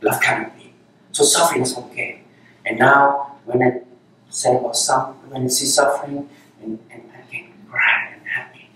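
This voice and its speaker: A male Zen teacher gives a dharma talk in a meditation hall, unhurried and repeating short phrases. His voice sits at an ordinary middle pitch. It rings with heavy echo, picked up from well back in the room. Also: fairly even intonation, bright, forceful tone, a little hiss or hum. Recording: very echoey hall, voice from far off.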